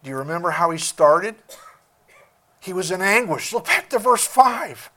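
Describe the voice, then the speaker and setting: Male preacher, high-pitched and emphatic, restarts phrases as he goes. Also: expressive, pushed and bright. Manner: emphatic, deliberate, repeats words while searching. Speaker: pastor. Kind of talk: sermon.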